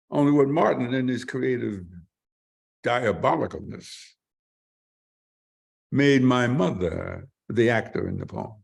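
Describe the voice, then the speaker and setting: Gravelly-voiced older man telling stories. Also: on the low side. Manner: animated, vivid storyteller who acts out quotes. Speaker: interview guest. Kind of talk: storytelling in an interview.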